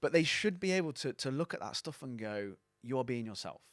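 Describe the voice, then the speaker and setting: A man's voice: medium pitch, animated, fairly quick, a bit bright, no room sound. A man, a coaching mentor, giving blunt, sweary, sarcastic advice as a guest on a casual podcast.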